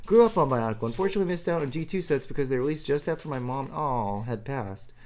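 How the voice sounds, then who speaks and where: A man's voice: medium pitch, expressive, quick pace, darkish tone. A man streaming live, answering viewer chat in a rambling, self-deprecating way and chuckling often.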